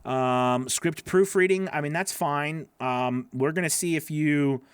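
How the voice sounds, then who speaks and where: A man's voice: on the high side, a little slow, smooth, dry recording. A man coaching voice-over freelancers, critiquing their gig pages live in a casual, encouraging way, repeating himself with many fillers, from home.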